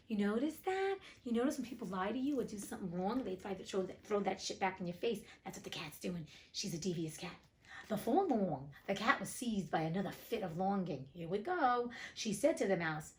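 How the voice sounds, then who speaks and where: A woman's voice: medium pitch, lively intonation, a little fast, poor audio. A woman reading old fairy tales aloud, moving between plain narration and casual, blunt commentary. She talks to listeners directly and swears freely in her asides. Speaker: reader and host.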